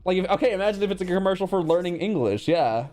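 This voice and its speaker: A man chatting casually on a livestream, blunt and profane, quick to react. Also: sits high, lively intonation, a little mellow, faint music behind. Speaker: streamer.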